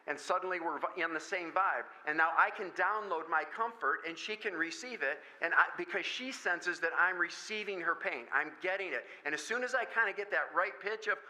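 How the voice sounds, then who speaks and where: A man from Michigan speaking at a school parent meeting, telling jokey stories in an animated way. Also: sits high, rough recording. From Michigan, USA. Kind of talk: lively talk with stories.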